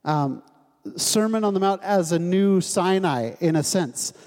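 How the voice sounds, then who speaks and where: A man's voice: high voice, lively intonation, measured pace. Man preaching in a reverberant hall. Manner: conversational, gently humorous, asks the congregation questions. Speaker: pastor. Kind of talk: sermon. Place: church sanctuary.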